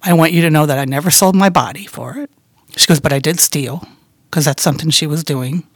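A middle-aged woman telling the story of her daughter in an interview, talking softly and haltingly, often trailing off into a quiet voice. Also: deep voice, no echo, clean studio sound. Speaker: guest, bereaved mother.

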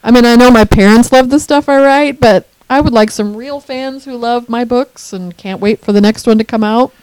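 A middle-aged woman co-hosting a casual podcast, animated and quick to laugh. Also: a little high, clear, resonant tone, dry recording. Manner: animated, laughs often, acts out her own thoughts. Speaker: podcast co-host. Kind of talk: casual chat.

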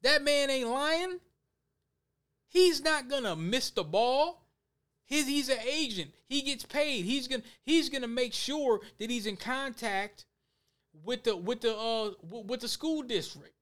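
A man's voice: extremely high pitch, lively intonation, measured pace, fairly bright tone. A man reading news aloud and breaking in with heated, emphatic, repetitive commentary to his viewers. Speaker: commentary vlogger.

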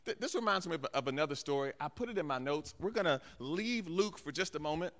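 A man's voice: fairly high pitch, lively intonation, fast, fairly bright tone. A man, a guest pastor, preaching a sermon in a church, acting out little asides and calling out to the congregation. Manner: preaching with acted-out asides and call-outs to the congregation. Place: large church sanctuary. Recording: long hall reverb.

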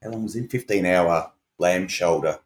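A woman's voice: a bass voice, moderate pace, darkish tone. A woman, cheerful and laughing, chatting as a guest on a podcast. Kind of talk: casual chat. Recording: echoey room with hiss.

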